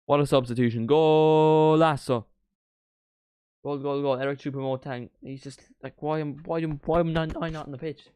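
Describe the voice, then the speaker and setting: Young guy doing a live footy watchalong, dry close mic, yells at the big chances. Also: a little high, quick pace, hardly any pauses, clean tone, no echo. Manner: excitable, shouts at big moments, chats to stream viewers. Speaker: watchalong streamer. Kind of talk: live football watchalong commentary.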